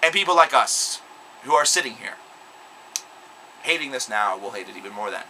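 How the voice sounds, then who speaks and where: A man's voice: fairly low pitch, lively intonation, moderate pace, pushed and bright, a little hiss or hum, rough recording. A young man delivering an angry, sarcastic, profanity-laced vlog rant. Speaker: video blogger. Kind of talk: ranting vlog monologue.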